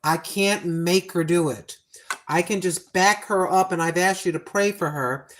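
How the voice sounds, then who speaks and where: A woman in her sixties hosting a cooking livestream, chatting in a folksy way and repeating her points slowly for emphasis. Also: fairly low pitch. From United States. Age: 60s. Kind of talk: casual livestream chat.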